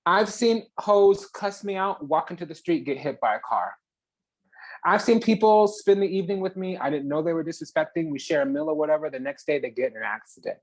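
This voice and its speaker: Give me a mid-pitched spiritual channel host doing a fiery, profane reading with big dramatic pauses. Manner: heated and profane, swinging between loud and hushed.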